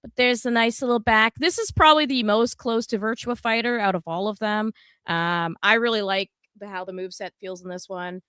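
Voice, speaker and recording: A woman's voice: medium pitch, a little fast, bright, forceful tone, clean tone, dry recording, clean studio sound. A woman co-hosting a gaming podcast in casual chat, blunt and chatty, swearing freely. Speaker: podcast co-host.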